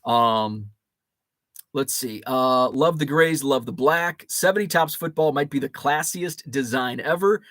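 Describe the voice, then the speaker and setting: Rambling host with a dry close sound. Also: male voice, medium pitch, a little slow, fairly bright tone, no echo. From Chicago area. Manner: rambling, many fillers and restarts. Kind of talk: casual live chat reading comments.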